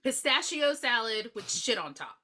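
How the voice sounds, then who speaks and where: Animated, profane woman podcast co-host. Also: on the high side, normal speed, breathy edge. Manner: profane, joking, animated retelling. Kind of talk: casual movie review chat.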